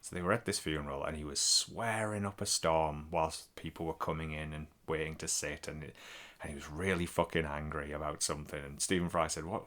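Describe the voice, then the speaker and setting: A man's voice: a bass voice, steady tone, fairly quick, a bit bright. A man, co-hosting a podcast in casual, rambling chat full of swearing. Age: 40s. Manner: sweary, rambling, laughs a lot. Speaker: podcast co-host.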